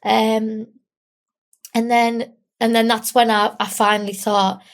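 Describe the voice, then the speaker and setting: A young woman from England, tearful, talking candidly and haltingly with small giggles in an interview. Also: fairly high pitch, level tone. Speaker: guest. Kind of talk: emotional interview.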